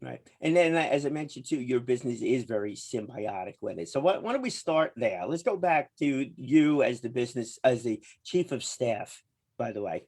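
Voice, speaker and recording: A man's voice: medium pitch, sing-song, brisk, few pauses, darkish tone. A man hosting an interview show, talking in a chatty, rambling way and laughing easily. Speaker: podcast host.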